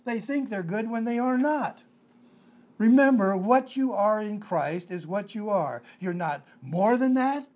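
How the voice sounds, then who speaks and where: High-voiced man preaching emphatically. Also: lively intonation, a little slow, a little mellow. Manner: emphatic, repeats key phrases. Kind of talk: conversational sermon.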